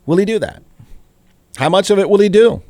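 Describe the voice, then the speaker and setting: A man's voice: high voice, animated, a little fast, darkish tone, dry recording, clean studio sound. A man hosting a talk show, giving snarky, irreverent commentary full of rhetorical questions. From Austin, Texas. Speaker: radio talk show host. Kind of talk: opinion commentary.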